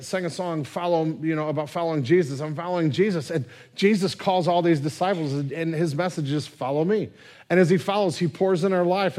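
A man preaching a sermon as pastor, relaxed and conversational, sometimes dropping his voice very low. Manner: conversational, drops to near whisper at tender moments.

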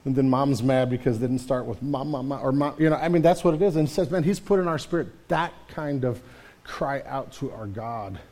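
Brisk and slightly dark in tone, this pastor's mid-range voice carries a conversational sermon to his congregation. He tends to repeat words, break off and restart sentences, and sprinkle in "man."

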